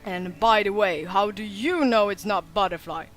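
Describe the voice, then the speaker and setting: A woman's voice: medium pitch, normal speed, soft background music, lightly acted. A woman reading game dialogue aloud, voicing a hot-tempered young man who rants and blames his brother. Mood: angry. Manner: exasperated, ranting.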